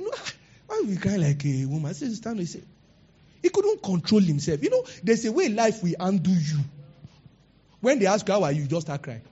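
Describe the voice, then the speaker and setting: A male preacher delivers a lively sermon and acts out the people in his stories. His voice sits high and swings widely in pitch, with a husky edge. The recording is dull and lo-fi. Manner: animated preaching, acting out quoted people. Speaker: pastor.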